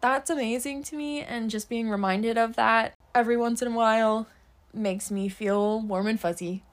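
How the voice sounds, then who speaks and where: A woman's voice: fairly high pitch, fairly even intonation, moderate pace. A young woman hosting a casual solo podcast, chatting upbeat about her day with a lot of fillers. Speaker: podcast host.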